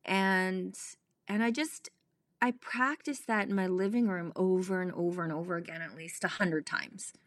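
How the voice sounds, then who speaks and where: A woman actress telling stories as a podcast guest, animated and laughing, acting out the voices of people she quotes. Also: lowish voice, normal speed, no room sound, studio quality. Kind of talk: casual storytelling interview.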